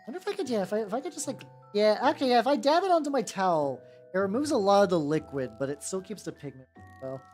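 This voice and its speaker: Talking fast with lively intonation, this miniature-painting VTuber has a mid-range, darkish voice. Working on camera, they ramble and swear casually to stream viewers, frequently starting sentences over, over faint background music.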